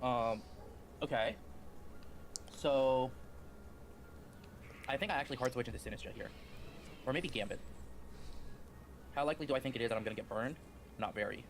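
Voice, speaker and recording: A man talks himself through his moves as he plays, weighing each choice in a low mutter. His pitch is ordinary, and a faint hiss of noise sits under his voice. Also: normal speed, pauses often. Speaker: player. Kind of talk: thinking aloud while playing.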